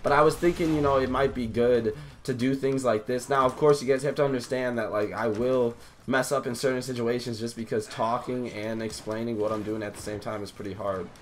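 A young man, a gaming YouTuber, giving slangy, hyped live commentary over his own match, with loud outbursts at the action. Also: mid-range voice, steady tone, a little fast, a little hiss or hum.

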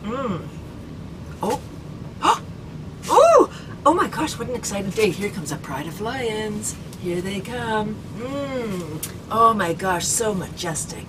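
A woman's voice: mid-range voice, animated, takes it slowly. A woman from Canada leading a playful guided laughter exercise, bubbly and giggly with lots of exclamations. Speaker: laughter club leader. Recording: distant mic with noticeable background noise.

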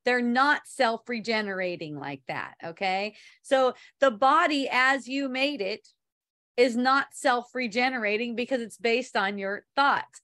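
Give me a loose, rambling woman talking spirituality, laughing often and swearing casually, a bit high-pitched. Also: a bit bright. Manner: reads viewer comments aloud. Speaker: spiritual teacher hosting an online talk.

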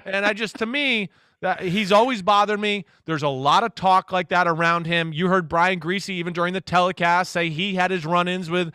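Bright, high-voiced man telling a story. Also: moderate pace, hardly any pauses, clear, resonant tone, no echo, studio quality. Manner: animated storyteller, acts out quotes. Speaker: football analyst guest. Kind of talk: casual interview chat.

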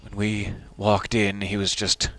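A man playing through a video game, talking it over in a musing, wry, soft-spoken way. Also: lowish voice, completely flat delivery, a little slow. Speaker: game streamer. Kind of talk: let's play commentary.

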